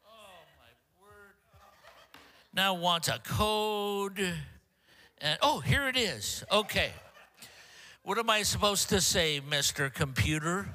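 Preaching as a guest, this older man sounds bright and high-pitched and quite expressive. He keeps cracking self-deprecating jokes, and after a few faltering restarts he carries on.

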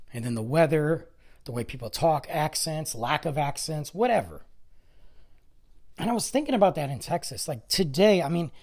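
A middle-aged man hosting a casual solo podcast, rambling conversationally with self-deprecating asides, his voice going hoarse. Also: on the high side, darkish tone. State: voice going hoarse, clearing throat. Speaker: podcast host. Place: lives in the Dallas area, Texas.

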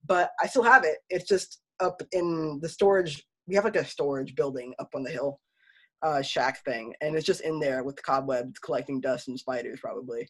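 A woman's voice: deep voice, steady tone, slightly rough. A woman in casual chat telling a spooky childhood story, laughing often and acting out the people she quotes. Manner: fast, laughing, acts out quoted voices.

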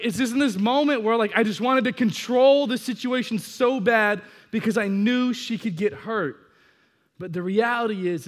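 A young man preaching to a youth crowd in a casual storytelling way, swinging from hushed asides to loud bursts. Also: high voice, big-room sound.

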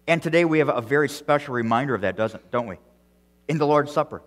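A male pastor preaching an earnest sermon, repeating words as he goes and swinging between loud emphasis and quiet, soft phrases. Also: medium pitch, fast, big-room sound. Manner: earnest preaching with frequent restarts and strong swings in loudness.

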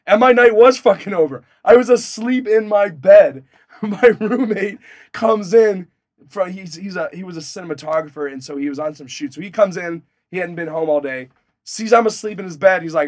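A young man in his twenties tells a wild personal story on a podcast in a casual, profane chat. His voice sits fairly high and swings between loud, excited bursts and low mutters. The recording is dry and close. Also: moderate pace, no room sound.

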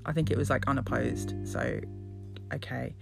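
A woman from Scotland chatting casually about politics, sarcastic and sweary, swinging between mock excitement and scorn. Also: very deep voice, normal speed, gravelly, music in the background. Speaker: vlogger commenting on politics. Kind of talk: casual chat.

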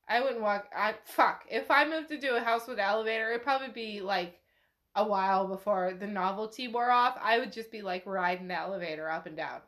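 Her voice sits at medium pitch, a bit bright and a little fast. This woman podcast host casually retells a chapter of a novel, chatty and freely profane as she describes the characters' actions.

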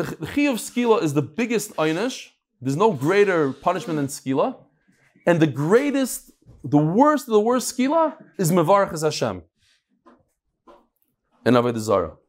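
Guy with a high voice giving a talmud class, animated, acts out the back and forth. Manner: lively, explains in plain talk and acts out the dialogue; peppers English with Hebrew and Yiddish study terms. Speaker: Talmud teacher.

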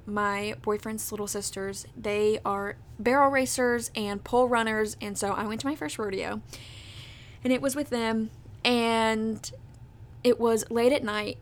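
A young adult woman hosting a podcast, telling a personal story in a chatty, casual way, full of fillers. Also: medium pitch. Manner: chatty, leans on fillers like "like" and "that type of deal". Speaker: podcast host.

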